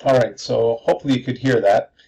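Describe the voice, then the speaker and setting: A man's voice: medium pitch, fairly even intonation, a little fast, gravelly, dark tone, low-quality recording. A male teacher giving a screencast tutorial, explaining methodically step by step.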